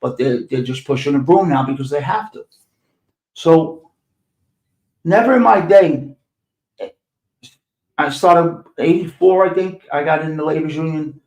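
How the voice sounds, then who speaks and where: A man's voice: fairly high pitch, a little slow, long pauses, darkish tone. An older man with a New York accent, telling street stories on his podcast in a blunt, profane, sarcastic way. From New York City. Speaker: podcast host. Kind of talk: profane storytelling monologue. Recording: echoey room.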